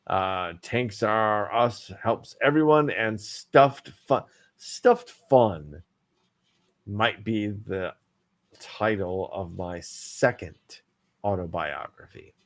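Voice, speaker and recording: A man's voice: fairly low pitch, slow pace. Joking man reading the news. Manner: jokey, hammy reading with stumbles and asides. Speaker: podcast co-host. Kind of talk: reading news stories aloud in casual banter.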